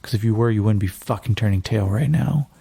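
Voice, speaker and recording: A man's voice: lowish voice, brisk, vocal fry, mellow, slightly rough, no echo, full character voice. A man voicing a hard-bitten male resistance fighter who talks bluntly and curses as he gives commands. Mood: fiery.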